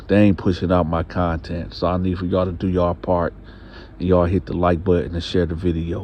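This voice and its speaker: A man's voice: sits low, warm tone, slight background noise. A man telling a story in a casual, talkative way, often repeating himself and restarting. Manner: talkative, repetitive, stammering restarts. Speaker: storyteller host.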